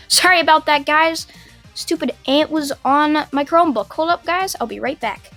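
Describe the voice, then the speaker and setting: A woman's voice: sits high, lively intonation, a little slow, pauses often, a bit bright, faint music behind. A teenage girl telling a fan-made anime story, rambling casually with lots of fillers and chatty asides.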